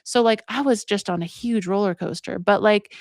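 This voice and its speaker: A woman's voice: mid-range voice, moderate pace, vocal fry, no room sound, clean studio sound. A woman in her forties talking through her own healing in a reflective, conversational monologue, leaning on "like" a lot as she thinks aloud. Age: 40s. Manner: conversational, heavy use of "like", earnest. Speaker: podcast host.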